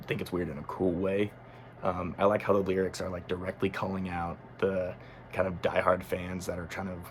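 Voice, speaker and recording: A low-voiced man with a gravelly, creaky edge gives a relaxed music review. He thinks aloud as he goes, often pausing on ums and correcting himself mid-sentence. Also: a little hiss or hum. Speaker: music critic. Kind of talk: casual album review monologue.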